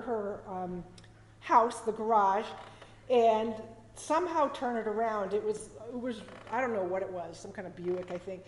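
A woman's voice: on the high side, unhurried, a little mellow. A woman tells a personal story to a live audience at a story slam, chatty and emotional. She often laughs in asides and restarts her sentences. The stage mic picks her up in a roomy hall with a long reverb tail and a faint hum behind.

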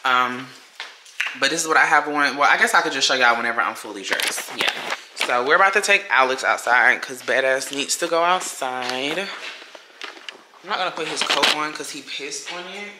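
A woman's voice: a bass voice, expressive, moderate pace. A young woman vlogging on her phone in casual chat, blunt and full of profanity as she talks through her day. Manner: chatty, blunt and heavily profane. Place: apartment, then out shopping. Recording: echoey with background noise.

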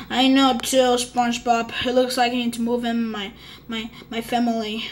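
A female speaker improvising a toy play-acting story with halting, hesitant speech. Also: on the high side, completely flat delivery, a little hiss or hum.

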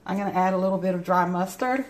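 A woman's voice: lowish voice, quick pace. A woman cooking at home, chatting through each step of a recipe while her mouth is still numb from the dentist. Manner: chatty, explains each step as she goes. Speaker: home cook. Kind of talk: casual cooking demonstration. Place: home kitchen. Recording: home kitchen clatter and noise.

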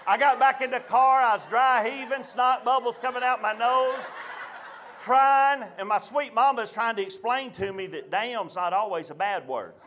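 A man's voice: extremely high pitch, moderate pace, slight background noise. A man telling a stand-up story to a live audience, acting out his family's voices. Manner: animated, acts out family voices. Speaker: stand-up comedian. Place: live comedy show venue.

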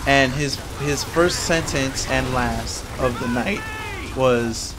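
A man's voice: mid-range voice, slow, background noise. A man hosting a casual podcast, ranting in exasperation and restarting his sentences often. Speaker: podcast host. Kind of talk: casual wrestling recap podcast.

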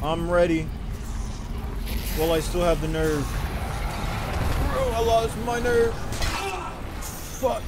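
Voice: mid-range voice, slow, pauses often, heavy background noise. A gamer giving let's play commentary on a horror game, frustrated, swearing a lot and talking to themself.

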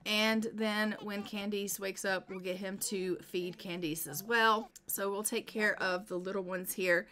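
A woman's voice: mid-range voice, steady tone, unhurried, sharp tone. A woman casually narrating her life-simulation gameplay, chatting to the characters as she plays. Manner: chatty, talks to the game characters directly. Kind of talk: casual let's-play commentary.

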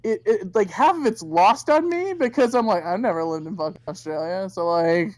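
A woman co-hosting a podcast, chatting casually and swearing as she jokes. Her voice sits at an ordinary pitch. The sound is dry and close, with no room around it. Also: expressive, moderate pace, darkish tone, no echo. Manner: profane, joking, puts on silly voices. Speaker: podcast co-host. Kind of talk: casual chat.

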